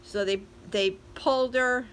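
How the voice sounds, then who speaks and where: Bright-voiced older woman vlogger. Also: fairly high pitch, fairly even intonation, a little slow, slight background noise, poor audio. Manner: chatty, talks straight to viewers. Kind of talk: casual storytelling to camera.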